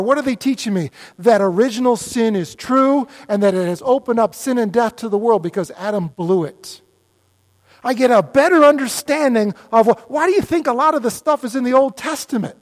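A middle-aged male pastor giving an animated, conversational sermon full of mock dialogues. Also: very high-pitched.

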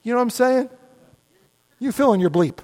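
A middle-aged male pastor giving an animated, conversational sermon full of mock dialogues. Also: very high-pitched, moderate pace.

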